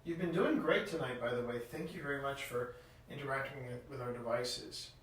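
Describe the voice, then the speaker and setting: A man's voice: mid-range voice, fairly quick, fairly bright tone. Guy ghost hunting in an old inn, sounds far from the mic, big echo. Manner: calls out to spirits in a coaxing, friendly tone. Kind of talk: live ghost hunt chat. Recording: echoey room, voice from far off, faint hiss.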